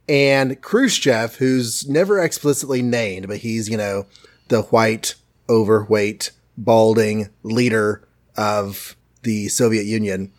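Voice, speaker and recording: A man of ordinary pitch co-hosts a casual podcast. He recaps a comic book in a chatty, animated way, with laughs and quick asides. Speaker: podcast co-host.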